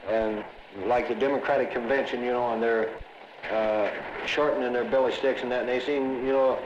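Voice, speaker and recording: A man's voice: medium pitch, steady tone, moderate pace, dull audio. Earnest, informal man; echoey, noisy old film audio.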